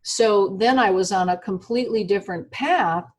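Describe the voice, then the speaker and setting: Husky older woman telling a story. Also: medium pitch, normal speed. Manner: animated storyteller, acts out quoted dialogue. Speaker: interview guest. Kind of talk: personal storytelling in an interview.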